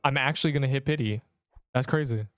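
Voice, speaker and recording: A man's voice: medium pitch, fast talker, no room sound. A young man streaming a game, joking and rambling as he teases the viewers in his chat. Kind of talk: casual gameplay livestream chat.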